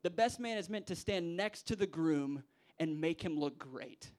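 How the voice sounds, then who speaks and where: A young man, a pastor preaching a sermon to church leaders, acting out quoted voices with big jumps in pitch. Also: expressive, normal speed, darkish tone. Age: young adult.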